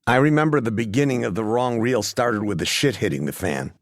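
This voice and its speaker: Brief: low, gravelly male filmmaker, dry close mic, wry delivery. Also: animated, fairly quick, dry recording. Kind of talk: oral-history audiobook narration.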